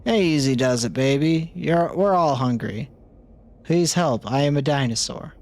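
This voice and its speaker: A man's voice: fairly high pitch, animated, unhurried. A man voicing a hungry dinosaur in a game, crooning and coaxing.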